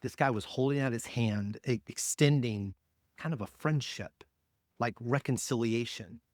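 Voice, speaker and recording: A male pastor preaching a sermon in a conversational, emphatic way, swinging between loud peaks and hushed, quiet drops. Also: medium pitch, unhurried, dry recording, clean studio sound.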